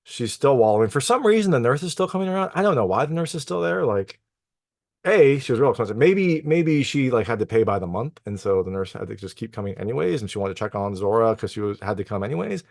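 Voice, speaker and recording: A man's voice: medium pitch, lively intonation, fast talker, gravelly, a little mellow, no echo. Chatty male film reviewer, dry sound. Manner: loose and chatty, peppered with "like" and "you know". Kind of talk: casual spoken plot recap.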